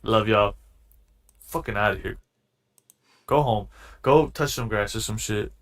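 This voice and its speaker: Blunt, slangy low-voiced man. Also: a little slow, a bit bright. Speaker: interviewer. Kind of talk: online interview.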